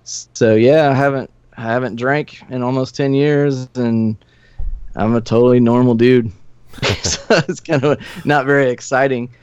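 Slightly slow and fairly even in intonation, this medium-pitched male voice has a darkish yet clean tone. He's a forties-aged ex-punk musician from Nashville, USA, rambling through profane stories and chuckling a lot while guesting on a podcast. The lo-fi recording sounds dull and dry, without echo.

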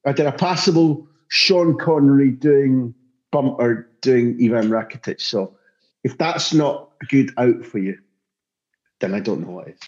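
In a mid-range voice and without hurrying, a football journalist gives a podcast interview. His delivery is emphatic and passionate, with frequent restarts mid-sentence. It's recorded with dull, lo-fi sound.

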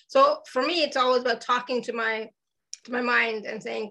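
Bright, enthusiastic slightly hoarse woman host. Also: on the high side, fairly even intonation, normal speed, poor audio. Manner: enthusiastic, self-deprecating, many fillers. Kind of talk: casual spiritual talk.

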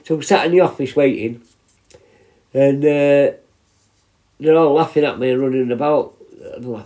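A man's voice: medium pitch, normal speed, pauses often, warm tone. A man in his fifties, a prison healthcare worker, tells stories in a rambling, sweary, casual way. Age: 50s. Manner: rambling and sweary, with many restarts. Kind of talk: casual storytelling.

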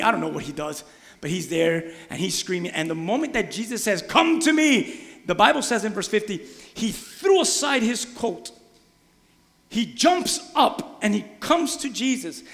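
A man preaching a sermon, animated, acting out voices and shouting the quoted lines. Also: high-pitched, normal speed, vocal fry. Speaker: pastor. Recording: long reverb of a large hall.

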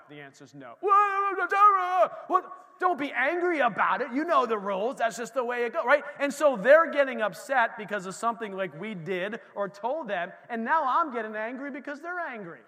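A middle-aged male pastor preaching a sermon with fervor, swinging between shouts and quiet asides. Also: high-pitched, in a large hall.

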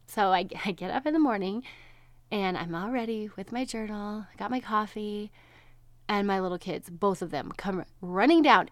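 A woman's voice: medium pitch, moderate pace, no echo. A woman in her thirties hosting a podcast, talking candidly to her listeners in a chatty way and often laughing as she speaks. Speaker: podcast host. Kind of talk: personal chat to listeners.

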